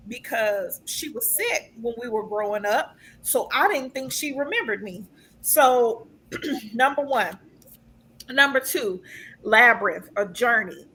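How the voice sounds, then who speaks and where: A woman's voice: a little high, pushed and bright. A woman giving a casual live card reading to her sibling, chatty and earnest, with many ums and restarts. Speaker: tarot card reader.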